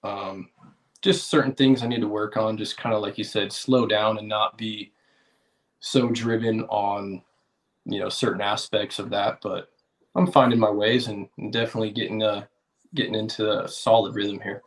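A man's voice: lowish voice, flat delivery, normal speed. Laid-back American man as podcast guest. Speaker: podcast guest, car detailer. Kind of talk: casual podcast interview.

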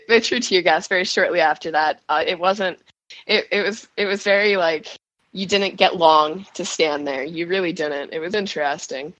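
A shaken woman giving an emotional first-person account as a guest, halting and restarting, with nervous laughs. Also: on the low side, fairly bright tone, no room sound, rough recording. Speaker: guest recounting events.

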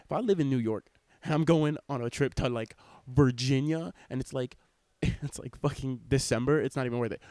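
A young man talks fast and loose in a rambling, excitable podcast rant, cursing freely. His voice sits at an ordinary pitch and comes through close and dry, with no room sound around it. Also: dry recording. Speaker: podcast host. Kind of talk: casual podcast chat. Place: in public on a cruise ship. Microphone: wearing headphones, laptop recording.

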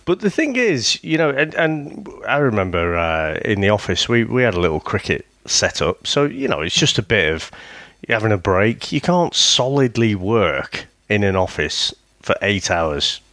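Low, dry-voiced man. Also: big pitch swings, a bit bright, no echo. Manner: thoughtful, analytical, slips into quick impressions. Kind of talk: casual chat reviewing a comedy series.

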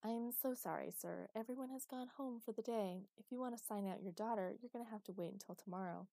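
A woman's voice: medium pitch, brisk, creaky, dark tone, no echo. A woman voicing a formal female receptionist who answers with stiff, scripted politeness. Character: polite but stonewalling female camp receptionist.

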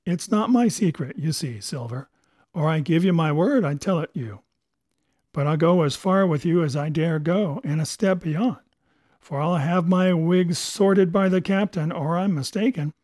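A man's voice: fairly high pitch, measured pace, a little mellow, no room sound, natural voice. A man voicing a stern but kindly older doctor who speaks earnestly and urgently in a storybook reading.

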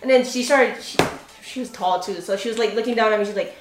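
A woman's voice: fairly high pitch, quick pace. A young woman with a Hawaii Pidgin accent telling a story with lots of laughs in a casual podcast chat. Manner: animated storytelling, laughing often. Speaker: podcast co-host. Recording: echoey room, lively group around.

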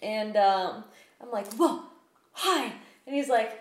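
Woman swearing thru a con story, kinda high voice, echoey room. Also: slow. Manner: profane, animated storyteller. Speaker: podcast host. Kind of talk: casual chat, storytelling. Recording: echoey room, faint noise.

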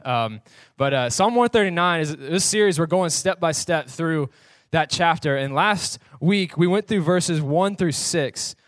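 A man's voice: a little high, no room sound. A young adult man, a pastor, preaching a sermon in a casual, joking way, reading scripture and telling personal stories to his audience.

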